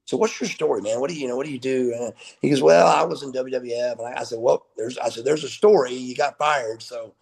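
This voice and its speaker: Middle-aged male guest, gravelly husky delivery, acts out the dialogue in his stories. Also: medium pitch, quick pace, hardly any pauses. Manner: animated storyteller who acts out quoted dialogue. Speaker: guest wrestler. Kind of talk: casual storytelling interview.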